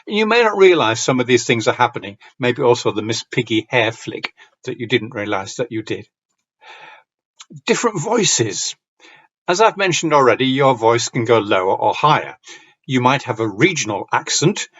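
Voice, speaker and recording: A man from Yorkshire with a Yorkshire accent, giving a conference talk on reading aloud with clear diction and a slight storytelling lilt. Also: mid-range voice, big pitch swings, normal speed, fairly bright tone, lo-fi sound. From Yorkshire, northern England. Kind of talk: lecture with read-aloud examples.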